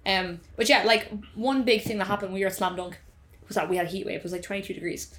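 Brisk, blunt woman chatting. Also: medium pitch, a bit bright. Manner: blunt and chatty, quick reactions. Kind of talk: casual chat.

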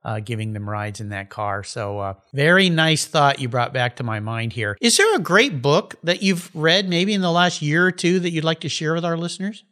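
A man's voice: on the high side, animated, normal speed, few pauses, sharp tone. Chatty male podcast host. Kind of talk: casual interview chat.

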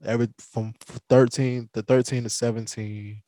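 A Southern American man hosts a podcast, swapping stories in casual chat with animated energy, stumbling restarts, and laughter. His pitch is medium and his speed normal. The studio-quality recording has no echo.

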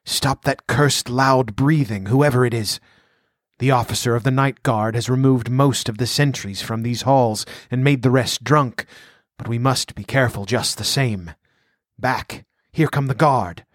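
A ruthless male conspirator leader, put on by a man reading a story aloud barks his orders. The voice is dry and close, with a middle pitch that climbs high when he roars. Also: unhurried, no echo, close to an everyday voice. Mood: hushed urgent. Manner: hissing orders, then roaring.

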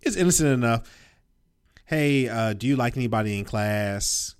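A man in his thirties, a father, telling stories in a relaxed casual chat. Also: mid-range voice, normal speed, clean tone. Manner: laid-back storytelling with mimicked quotes.

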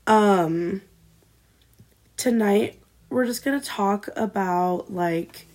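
Recorded on a built-in laptop mic, a woman in her twenties co-hosts a casual podcast, loose, laughing, and swearing freely. Her medium-pitched voice is a little mellow, with drawn-out words.

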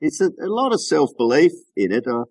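An Australian man, a lure maker, chatting casually on a call in a relaxed, joking way full of local slang. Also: a little high, fairly quick, slightly rough, no room sound. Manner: laid-back, joking, uses local slang. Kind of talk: casual chat over a call.

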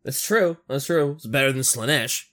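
A man in casual chat about game lore, animated, laughing often and asking questions. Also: medium pitch, normal speed.

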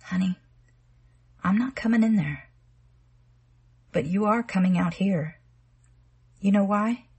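A woman's voice: mid-range voice, takes it slowly, long pauses, darkish tone, husky. A woman reading the part of a menacing young man who sweet-talks and threatens a girl, in a sleepy, coaxing voice. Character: menacing smooth-talking young man, a stalker.

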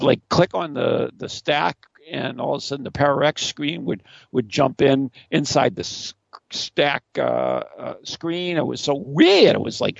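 A man's voice: medium pitch, vocal fry, husky, no echo, highs cut off. A middle-aged man hosting a call-in radio show, rambling and self-deprecating, with frequent stammers and restarts. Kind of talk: casual call-in radio chat.

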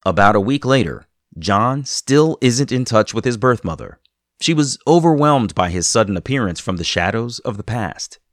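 Male host-narrator, scripted read, animated pitch, dry sound. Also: moderate pace, no echo.

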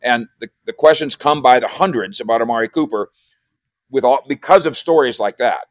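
A man's voice: mid-range voice, brisk, no room sound, clean studio sound. A man talking sports as a regular radio guest, rambling and repeating himself in casual chat. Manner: rambling, repeats words, animated when quoting. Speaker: sports columnist and podcaster.

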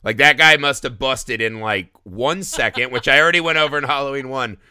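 A man's voice: mid-range voice, brisk, clear, resonant tone. A man hosting a podcast, talking casually and animatedly about a horror film, often tagging his points with "right?". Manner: animated, tags lines with "right?". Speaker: podcast host.

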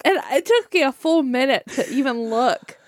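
A woman's voice: high-pitched, expressive, moderate pace. A woman with a West Virginian accent, chatting as a podcast co-host and telling a true-crime story, laughing often as she talks.

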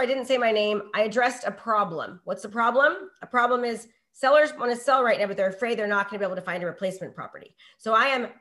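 Middle-aged female real estate coach, bright higher pitch, energetic, runs a live online class with constant "okay?" check-ins. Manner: energetic, peppers talk with rhetorical questions and "okay?".

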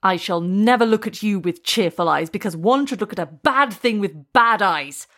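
A woman's voice: mid-range voice, expressive, normal speed, fairly bright tone. A woman voicing an angry, determined young man in a storybook reading, making firm, insistent demands. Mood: stern.

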